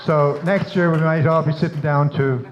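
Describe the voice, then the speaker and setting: A man's voice: a little high, fairly even intonation, normal speed, slight background noise. A middle-aged Irish man, the father of the bride, giving a teasing, joke-filled wedding speech at a reception. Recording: slightly dull lo-fi sound.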